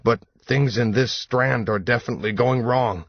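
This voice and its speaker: A man's voice: mid-range voice, normal speed, no room sound, lo-fi sound, pitched above the performer's own voice, natural voice. A man doing a sick, desperate young man. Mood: pleading. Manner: pleading, urgent. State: weak and unwell.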